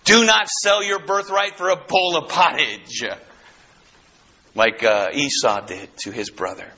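A man preaching a fervent, excitable sermon who often bursts into shouts. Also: fairly high pitch, measured pace, husky, dull audio.

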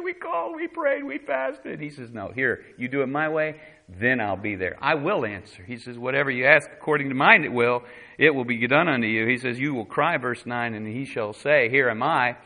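A man's voice: medium pitch, pushed and bright, low-quality recording. A man preaching a sermon as pastor, talking conversationally and voicing quotes dramatically.

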